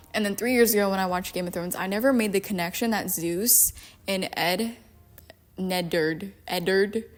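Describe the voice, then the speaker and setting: A young adult woman giving casual film commentary in a profane, sarcastic, animated way. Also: mid-range voice. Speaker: YouTube commentator.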